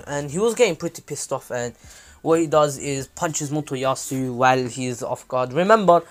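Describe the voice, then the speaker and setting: A man talking through a fan story in an easygoing, unscripted way. He rambles, stops to correct himself and fills pauses with ums and uhs. His voice sits at an ordinary middle pitch. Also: animated. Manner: rambling, with many fillers and self-corrections. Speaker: YouTuber retelling a fan story. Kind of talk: casual spoken retelling.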